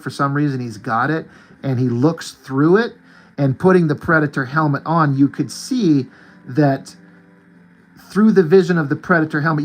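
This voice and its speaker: Rambling, excitable man in his forties. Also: on the high side. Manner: rambling and enthusiastic, full of "like". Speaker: artist and channel host. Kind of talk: casual chat about movies and comics.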